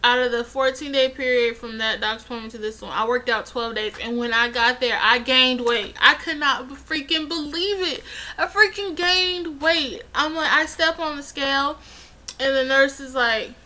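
A woman's voice: high-pitched, steady tone, normal speed, bright, forceful tone, low-quality recording. A young woman chatting casually in a vlog, rambling and getting heated as she retells events. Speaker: vlogger.

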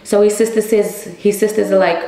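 A woman's voice: mid-range voice, steady tone, fairly quick, dark tone. Blunt swearing woman telling a story. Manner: blunt, heavy swearing, addresses viewers as y'all. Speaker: storyteller vlogger. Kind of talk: casual storytime monologue. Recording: echoey room.

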